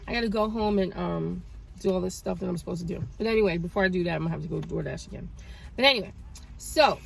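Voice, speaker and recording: A woman in her thirties chatting casually in a vlog, telling a story with animated and grateful talk. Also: mid-range voice, vocal fry, a little hiss or hum. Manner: animated storytelling, praises God. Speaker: vlogger. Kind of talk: casual chat.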